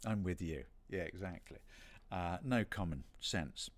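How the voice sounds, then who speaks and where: His voice sits low and moves a little slowly as this middle-aged British man hosts a signing stream. The voice actor rambles casually, poking fun at himself and tossing in playful asides.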